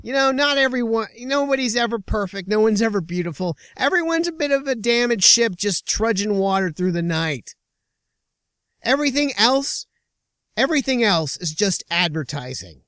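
Podcast host, male, high-pitched, smooth voice, sarcastic rambler, dry close sound, records alone in a small car. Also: expressive, fairly bright tone, no room sound. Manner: sarcastic, ranting, halting restarts. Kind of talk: rambling comedic monologue. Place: inside a small car with no air conditioning.

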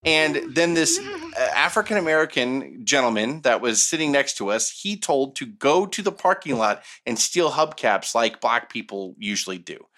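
A man's voice: mid-range voice, big pitch swings, moderate pace, few pauses, pushed and bright. A middle-aged man casually telling a long story as podcast co-host, profane and sardonic, with mocking voice impressions.

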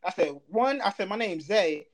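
A man co-hosting a podcast, telling stories in casual, lively chat. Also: high-pitched, moderate pace. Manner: lively storytelling, jumps between voices. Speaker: podcast co-host.

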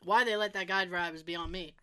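A woman chatting casually with a friend, animated and quick with joking asides and laughter. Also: lowish voice, clean tone, dry recording. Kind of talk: casual chat between friends.

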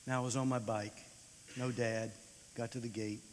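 A man in his sixties gives an animated storytelling sermon in a chapel, swinging between loud bursts and hushed tones. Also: mid-range voice, normal speed, a little hiss or hum. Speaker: chapel speaker. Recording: long hall reverb.

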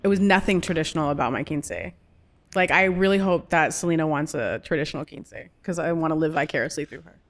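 Playful, animated woman, lower voice. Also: fast. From United States. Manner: animated, playful, laughs often. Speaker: actress and guest. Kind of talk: casual interview chat.

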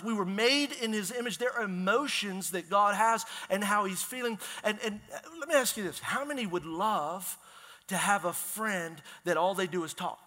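A man preaching as a pastor in a church, energetic and conversational, asking the congregation questions. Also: sits high. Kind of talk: sermon. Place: church sanctuary. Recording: long hall reverb.

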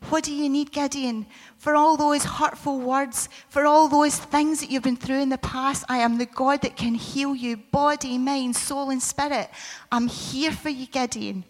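Woman as a soft-spoken, whispering God; reverberant hall. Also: high voice, fairly even intonation, a little slow, pitched above the performer's own voice. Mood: tender reassuring. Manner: soft, hushed, often whispered. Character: gentle reassuring male God speaking.

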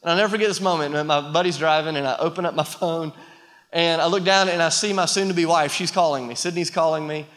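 A man in his thirties preaching to a church, with a bright, ringing voice pitched a little high. He tells stories about himself with self-deprecating humor and builds to passionate calls to the congregation. His voice carries a long reverb from a large hall. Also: fairly even intonation, quick pace. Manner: storytelling, self-deprecating, rising to passionate appeals. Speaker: pastor. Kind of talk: sermon.

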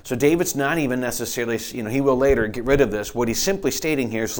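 Man, middle-aged, pastor, sermon, unhurried, repeats words, rises when reading scripture. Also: medium pitch.

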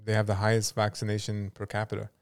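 A man's voice: fairly low pitch, monotone, fast talker, smooth, dry recording, studio quality. A man co-hosting a podcast in casual chat, matter-of-fact, correcting the others with numbers. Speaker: podcast co-host.

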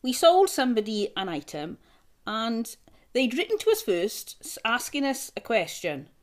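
A middle-aged woman with a fairly high voice tells stories in an earnest, reassuring way. She co-hosts a casual podcast and speaks plainly. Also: big pitch swings, moderate pace. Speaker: podcast co-host. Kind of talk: casual chat.

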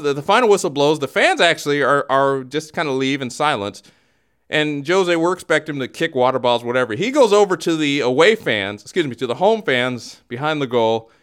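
A male comedy podcast host spins a story, circling back and restarting as he goes. His pitch swings widely in an animated, playful delivery. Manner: animated, rambling, restarts often. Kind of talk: comic storytelling talk show.

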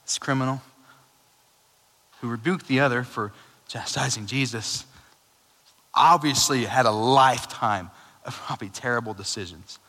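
A man preaching a sermon in a casual, animated way, with chatty asides. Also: mid-range voice, moderate pace, pauses often. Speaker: pastor. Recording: long hall reverb.

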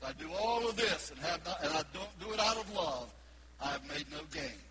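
A pastor preaching a sermon, swinging from loud emphatic peaks to hushed asides. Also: male voice, a little high, expressive, brisk, very noisy. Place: church sanctuary.

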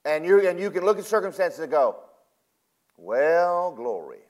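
A high-pitched man gives a sermon, casually paraphrasing scripture. Loud, emphatic bursts alternate with quiet asides that he stretches out.

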